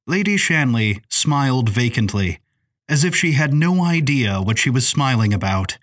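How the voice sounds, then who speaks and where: Man, audiobook narrator, husky voice, measured reading. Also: mid-range voice, big pitch swings, fairly bright tone.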